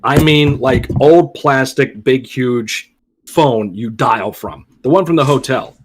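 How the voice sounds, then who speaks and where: A man's voice: mid-range voice, takes it slowly, a little hiss or hum. A man with a mid-range voice tells a story on a casual podcast. He sounds laid-back and amused, acting out the lines of the people in it. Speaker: podcast co-host.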